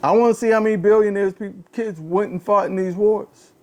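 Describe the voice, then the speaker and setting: A podcast host rants briskly through a casual political talk show, sounding animated and exasperated. He repeats phrases often and swings between low muttering and a raised voice.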